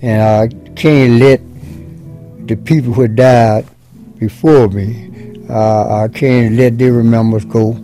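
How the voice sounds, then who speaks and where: An older man who runs a juke joint, telling his story in a halting, rambling interview. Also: mid-range voice, steady tone, mellow, soft background music.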